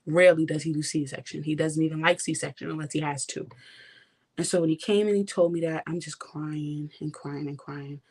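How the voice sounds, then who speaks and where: A woman's voice: sits low, steady tone, normal speed, darkish tone, slightly rough. A young woman vlogger giving an impassioned personal testimony, talking straight to her viewers. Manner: impassioned, addresses viewers directly.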